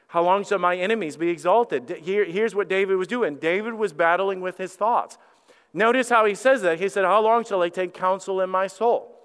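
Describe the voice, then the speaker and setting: A man preaching a sermon as lead pastor, animated, acting out quoted prayers and repeating his words. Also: fairly high pitch, clear, resonant tone, big-room sound. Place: church sanctuary.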